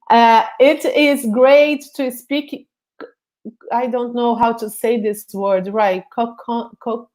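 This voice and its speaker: A woman's voice: on the high side, fairly even intonation, slow pace, darkish tone. A woman from Brazil, a Portuguese speaker, hosting a casual live chat and reading out viewer comments in hesitant English. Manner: non-native English, hesitant, giggly.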